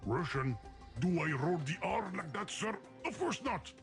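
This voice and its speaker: An anxious, exasperated talking game with a foreign accent, pleading excitably with the player. His high voice leaps up and down constantly over game music. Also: unhurried, gravelly, heavily acted. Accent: foreign-accented English.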